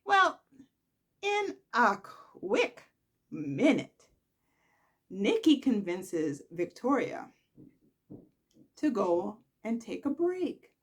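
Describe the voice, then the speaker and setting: A woman's voice: medium pitch, drawn-out words, long pauses, breathy edge. Sassy woman recapping soaps. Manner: chatty, sassy, animated storytelling. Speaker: soap opera recap host. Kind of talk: casual recap commentary.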